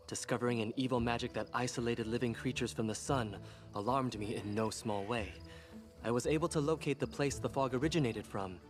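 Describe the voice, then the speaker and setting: A man's voice: medium pitch, natural voice. An actor playing an earnest male priest of a sun goddess in a game, speaking in a formal, courteous way. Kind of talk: game character dialogue.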